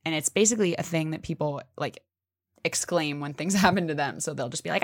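In clean, echo-free studio audio, a young female podcast host talks a little fast, emphatic and animated, leaping in pitch and swearing casually as she motivates listeners.

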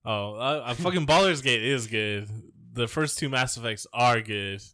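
A man's voice: medium pitch, normal speed, pushed and bright, dry recording, clean studio sound. Crude, rambling podcast co-host man. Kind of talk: casual comedic chat.

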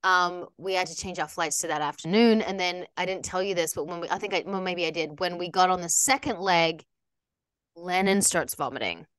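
Australian woman, lowish voice, dry sound, casual podcast chat, rambling, restarts. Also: a little fast, a bit bright, no echo. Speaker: podcast co-host.

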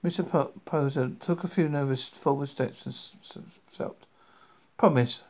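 A man reading a comic novel aloud, his slightly higher-than-average voice carrying a gravelly rasp. He reads haltingly, tripping over words and starting lines again. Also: fairly even intonation, darkish tone. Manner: halting, with frequent restarts and stumbles on words. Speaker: audiobook reader.

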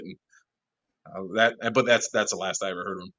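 Animated man telling a bar story. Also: low-pitched, brisk, long pauses, muffled recording. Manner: animated, laughing, swearing often. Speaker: interview guest, bar manager. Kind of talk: casual storytelling.

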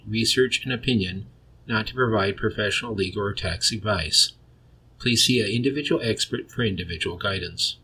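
A man hosting a solo podcast, reading a script in a plain, measured way with a deep voice. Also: bright, forceful tone, slightly rough. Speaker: podcast host.

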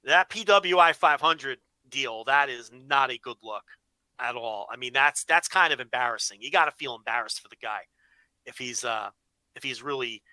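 A man co-hosting a podcast, chatting casually and swearing freely as he tells animated stories. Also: mid-range voice, moderate pace, dry recording, low-quality recording. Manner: profane, animated storytelling. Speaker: podcast co-host. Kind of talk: casual wrestling podcast chat.

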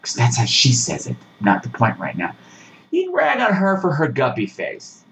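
A man's voice: mid-range voice, moderate pace, slight background noise, low-quality recording. Sarcastic man ranting animatedly. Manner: sarcastic, animated, swings into mocking voices. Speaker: podcast movie reviewer. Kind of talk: casual ranting review.

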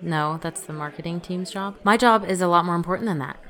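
A woman's voice: fairly low pitch, brisk, a bit bright, lightly acted. An actress in a comedy audio drama playing a self-important, curt businesswoman.

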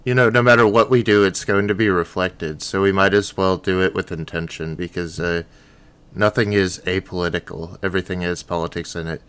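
A man co-hosting a podcast in a casual film discussion, relaxed and hesitant with ums. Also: low voice, brisk, smooth. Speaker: podcast co-host.

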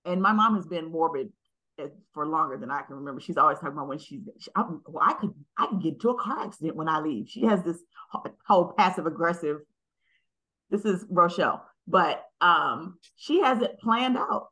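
A woman's voice: deep voice, animated, fairly quick, pushed and bright, rough recording. A middle-aged woman co-hosting a podcast, speaking in an earnest, reflective way. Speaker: podcast co-host. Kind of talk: casual chat.

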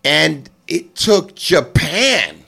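High-pitched guy, gravelly, swoops up and down, hypes everything up. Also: sing-song, extremely slow, sharp tone, soft background music. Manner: emphatic, interjects often with agreement. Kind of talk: casual chat.

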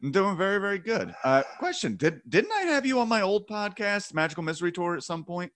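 A man's voice: sits high, sing-song, brisk, a bit bright, slight background noise. A man hosting a podcast in casual, jokey chat, rambling with playful outbursts. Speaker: podcast host.

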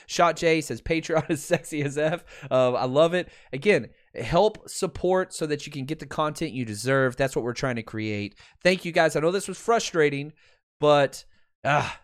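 A man hosting a podcast, talking excitedly through game film and addressing his viewers. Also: on the high side, dry recording, clean studio sound. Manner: excitable, swears, talks to viewers. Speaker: podcast host. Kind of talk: film breakdown commentary.

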